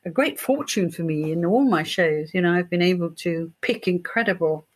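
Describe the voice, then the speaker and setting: A woman's voice: fairly low pitch, moderate pace. Older woman telling stories. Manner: animated anecdotes, acts out quoted voices. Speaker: guest, TV crime writer. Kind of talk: storytelling in an interview.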